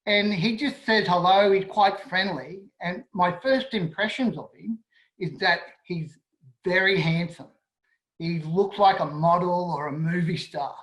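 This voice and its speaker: Male storyteller, lively and self-mocking, echoey room. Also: high voice, measured pace. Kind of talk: personal story told to an audience. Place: home, indoors, online event. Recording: roomy echo on an online call.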